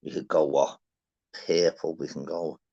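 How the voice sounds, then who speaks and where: A man hosting a live stream, giving rambling, swear-filled shout-outs to listeners in a casual chat. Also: extremely low pitch, little pitch movement, unhurried, creaky. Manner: chatty, swears freely, rambling. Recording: dull lo-fi sound.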